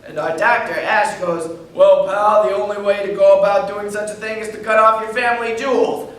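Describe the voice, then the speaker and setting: Man playing a cocky crude comic, high bright voice, wisecracking, echoey hall from afar. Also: fairly even intonation, normal speed. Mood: cocky, joking. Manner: wisecracking, crude joke delivery. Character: brash young male stand-up comedian, crude and cocky. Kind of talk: stage acting in a reading. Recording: echoey room from far off.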